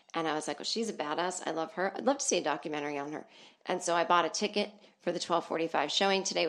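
A woman's voice: low voice, creaky. A woman hosting her comedy podcast, rambling and self-deprecating, swearing freely from a small soundproof booth. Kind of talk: casual comedic monologue.

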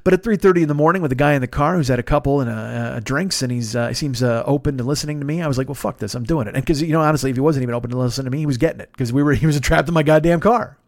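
A man hosting his own podcast, telling rambling, profane stories in a deep radio-style voice and acting out the people in them. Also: rapid-fire, few pauses, dry recording, studio quality. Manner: profane, rambling storyteller who acts out other people's voices. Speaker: podcast host. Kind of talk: casual solo monologue.

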